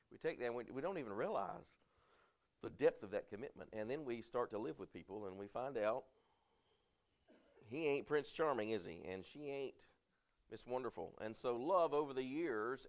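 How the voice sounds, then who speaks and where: A man delivers a sermon in a mid-pitched, everyday voice. He reads scripture slowly and with emphasis, then shifts to casual talk full of questions, fillers and restarts. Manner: conversational preaching, asks the audience questions, many fillers and restarts. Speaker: pastor.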